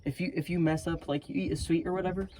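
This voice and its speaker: A man's voice: a little high, fairly even intonation, quick pace. A man giving a casual, earnest motivational talk to camera, rambling with many fillers and restarts. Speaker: self-improvement vlogger. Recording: loud vehicle noise behind.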